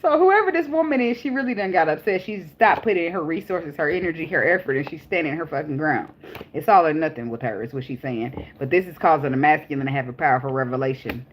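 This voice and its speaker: A woman's voice: low voice, fast, slight background noise. A young woman reading tarot in a casual, chatty way, blunt and profane, laughing often. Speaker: tarot reader.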